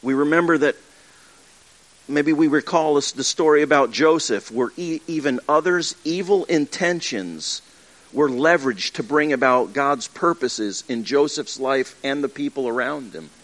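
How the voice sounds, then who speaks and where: A pastor preaches a sermon to his congregation in a church that livestreams its services. His voice is a little high, a little slow and somewhat bright, and his delivery is earnest and conversational, full of restarts and acted-out asides.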